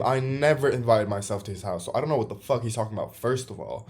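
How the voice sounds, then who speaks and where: A man's voice: mid-range voice, quick pace, hardly any pauses. Exasperated man ranting with swearing. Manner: swearing, exasperated, quotes texts in mocking voices. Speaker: vlogger. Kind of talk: angry storytime rant.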